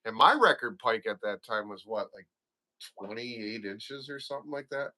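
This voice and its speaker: A man chatting as an interview guest, telling fishing stories excitedly and acting out his own reactions. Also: on the low side, moderate pace. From Wisconsin. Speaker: guest, father of a young angler. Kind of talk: casual chat, animated fishing stories.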